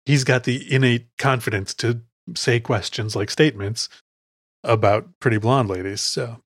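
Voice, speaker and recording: A man's voice: medium pitch, fairly even intonation, moderate pace, no room sound. Rich: A man hosting a podcast in a casual, digressive chat, walking through scenes of a film with side tangents. His voice sits mid-range and is recorded close and dry. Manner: chatty and digressive, recounts scenes. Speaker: podcast host.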